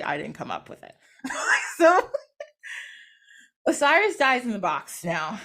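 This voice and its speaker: A woman podcast host retelling a myth in a casual, animated way, giggling and acting out quotes. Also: mid-range voice. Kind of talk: casual storytelling.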